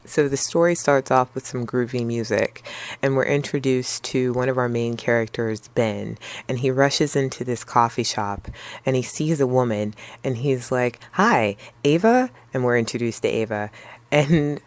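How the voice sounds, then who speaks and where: A woman hosting her own channel, recapping a film in a relaxed, chatty way with playful slang and jokey asides. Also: rumbling low, moderate pace. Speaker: movie review vlogger. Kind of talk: casual spoken movie review.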